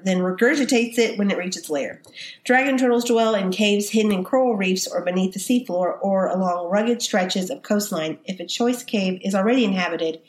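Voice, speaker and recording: A woman with a Texan accent, co-hosting a casual podcast, chatting and laughing a lot as she reads out monster lore. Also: mid-range voice. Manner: giggly, bubbly, chatty. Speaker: podcast co-host. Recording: roomy sound.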